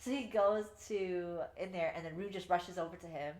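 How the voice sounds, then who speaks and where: A woman co-hosting a podcast, chatting casually about a book, animated and swearing as she acts out the characters' lines. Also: medium pitch, normal speed, echoey room. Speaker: podcast co-host. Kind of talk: casual book review chat.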